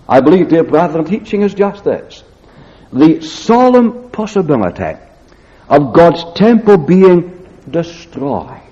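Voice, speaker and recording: A man preaching an expository sermon, solemn and deliberate, slowing down to read scripture aloud. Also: fairly high pitch, dark tone. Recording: echoey hall, dull lo-fi sound.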